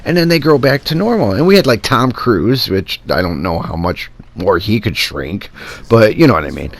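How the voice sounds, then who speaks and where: A man's voice: fairly low pitch, normal speed. A man telling a casual, rambling personal anecdote and acting out the quoted dialogue as he goes. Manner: animated, acts out quoted dialogue in rambling asides. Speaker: storyteller vlogger.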